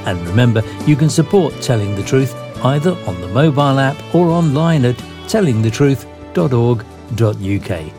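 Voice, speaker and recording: A man announcing for a radio program in a smooth, friendly scripted read. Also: medium pitch, animated, normal speed. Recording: studio read over music bed.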